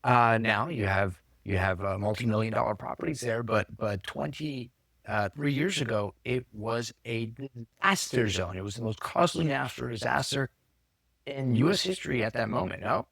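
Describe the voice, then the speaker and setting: A man's voice: medium pitch, normal speed, vocal fry, a bit bright, no echo, studio quality. Rambling, self-correcting male podcast host. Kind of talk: casual podcast chat.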